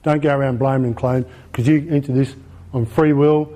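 A man's voice: mid-range voice, fairly even intonation, a little fast, mellow. An Australian man giving an informal lecture in a colloquial, emphatic way, often asking rhetorical questions. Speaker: presenter.

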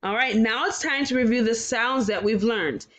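A woman teaching a kindergarten phonics lesson, slowly sounding out words and praising the children with exaggerated, sing-song encouragement. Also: fairly high pitch, a bit bright. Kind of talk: slow, clearly enunciated phonics lesson for young children.

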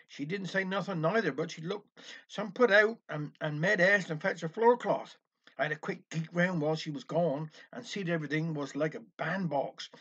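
High-voiced dialect storyteller man. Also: a bit bright, breathy edge. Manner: chatty folksy narration with old sayings. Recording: dull lo-fi recording.

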